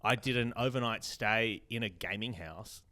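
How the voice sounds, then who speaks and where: A man's voice: fairly low pitch, moderate pace, pushed and bright. A man, a guest comedian, riffing in casual podcast banter, laughing often and swearing freely.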